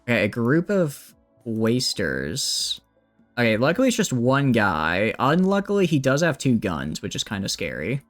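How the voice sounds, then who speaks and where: Lively chatty male game streamer. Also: mid-range voice, measured pace, faint music behind. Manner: chatty, thinks aloud, greets chat. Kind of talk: casual gameplay commentary.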